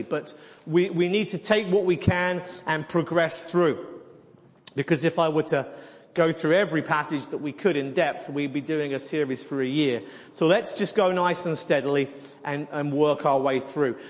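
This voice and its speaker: A man preaching a sermon, teaching animatedly and often repeating words as he goes. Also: fairly high pitch. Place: church hall. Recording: long hall reverb.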